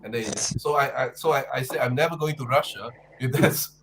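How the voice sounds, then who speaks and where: A man on a panel, telling an anecdote in a relaxed, conversational way. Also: medium pitch, brisk, a little hiss or hum, rough recording. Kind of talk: casual chat on a call-in panel.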